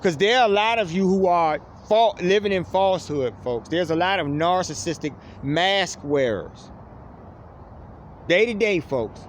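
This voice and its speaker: Impassioned male preacher, animated delivery, tags phrases with a dropped-low "folks", faint urban noise in background. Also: measured pace. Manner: fervent, says "folks" after nearly every phrase, voice dropping low on it. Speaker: preacher addressing online viewers. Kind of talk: impassioned spiritual monologue.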